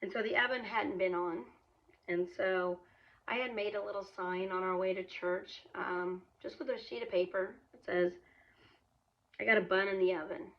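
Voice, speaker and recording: A woman's voice: mid-range voice, fairly even intonation, moderate pace, lo-fi sound. A woman in her thirties casually telling a personal story, chatty, with frequent fillers, restarts and laughs. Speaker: vlogger, single mom.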